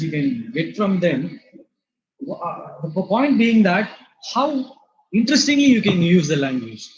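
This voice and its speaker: A man from India gives a vocabulary lecture in a high-pitched voice. He explains patiently, repeats his word lists and fills pauses with "uh" and "you know". The recording sounds dull and lo-fi. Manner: explanatory, repeats words, many fillers. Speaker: English lecturer.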